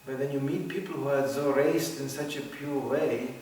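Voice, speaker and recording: An older man giving an informal religious lecture in a theatrical, animated way. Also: mid-range voice, moderate pace, slight background noise. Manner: animated, theatrical, acts out voices. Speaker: spiritual teacher. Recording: echoey room, mic at a distance.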